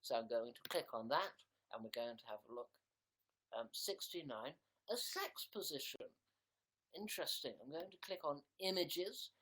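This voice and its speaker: A man's voice: fairly high pitch, lively intonation, moderate pace, fairly bright tone. A young man hosting a casual livestream from a room at home, joking and rambling, reading comments and dropping into whispered asides. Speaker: livestream host. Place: room in a house.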